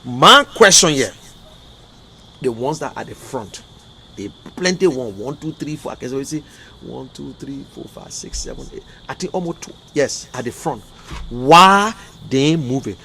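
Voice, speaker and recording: With medium pitch, vocal fry, and a pushed, bright quality, this Liberian-accented man argues politics on a livestream at a moderate, animated pace. A little hiss or hum sits under his emphatic, exasperated, repetitive delivery.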